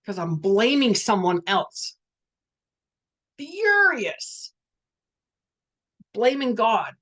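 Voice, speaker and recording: A woman's voice: mid-range voice, unhurried. Middle-aged woman, candid and earnest, spiritual talk, swears now and then. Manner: candid, earnest, swears, reads out participants' messages. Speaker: workshop facilitator.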